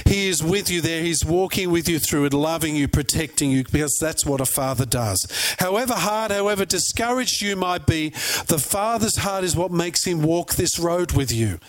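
A man preaching a sermon, telling lively stories and putting questions to his congregation. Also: on the high side, moderate pace, few pauses. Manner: animated storyteller, asks the crowd questions. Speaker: pastor.

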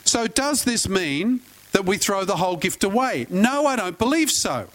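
High-voiced Australian pastor preaching. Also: male voice, very animated, normal speed, a bit bright, low-quality recording. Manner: conversational, asks congregation questions, folksy asides. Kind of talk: sermon.

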